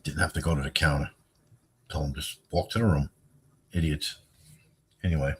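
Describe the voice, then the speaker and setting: A man's voice: fairly even intonation, normal speed, a bit bright, husky. A middle-aged man rambling casually on his own livestream, joking and telling stories. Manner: rambling, jokey, swings into high squeaky bits. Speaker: livestream host.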